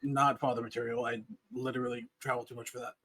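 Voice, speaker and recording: A man's voice: medium pitch, little pitch movement, quick pace, a crowd in the background. A man narrating as game master of a tabletop game in a casual, laid-back way, with swearing and fillers.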